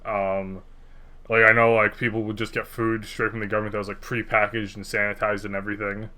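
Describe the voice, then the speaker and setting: Bright-voiced young guy rambling on a podcast. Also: on the low side, little pitch movement, fairly quick. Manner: rambling, laid-back, swears freely. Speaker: podcast co-host. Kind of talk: casual podcast chat.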